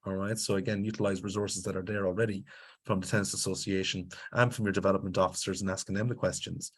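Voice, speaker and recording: Irish male presenter, lowish voice, emphatic lecturing webinar delivery. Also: little pitch movement, fast, slightly rough. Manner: emphatic, lecturing, with frequent check-ins to the audience. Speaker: grants consultant presenting a webinar. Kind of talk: instructional webinar talk.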